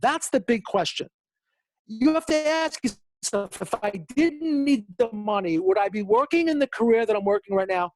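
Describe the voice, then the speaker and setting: A motivational speaker giving a webinar talks at normal speed with no echo. He tells animated stories, acting out quotes with big pitch jumps and repeating words for emphasis.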